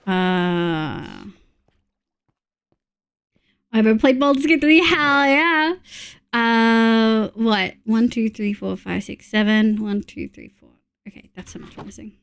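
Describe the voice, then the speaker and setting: A woman's voice: fairly high pitch, takes it slowly, pauses often, clear, resonant tone. A woman from Australia streaming a game, counting items under her breath between chatty asides to her viewers. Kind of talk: casual gameplay chat with chat readers.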